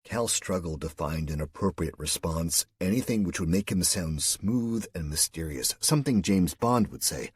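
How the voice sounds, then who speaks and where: A man narrating an audiobook in a steady, measured storytelling voice. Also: deep voice, breathy edge, no echo. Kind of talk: scripted narration.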